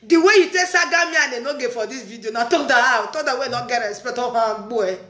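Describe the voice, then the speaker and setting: A woman's voice: on the high side, fast, sharp tone. A woman speaking Nigerian Pidgin in casual chat, teasing and laughing often as she reacts to a video. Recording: roomy echoey room.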